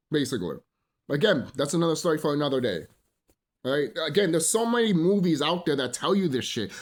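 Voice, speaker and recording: Male channel host, higher voice with a swooping delivery, rambling and profane in his casual talk. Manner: rambling and emphatic, heavy swearing; repeats phrases and asks "you know?". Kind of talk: casual unscripted monologue.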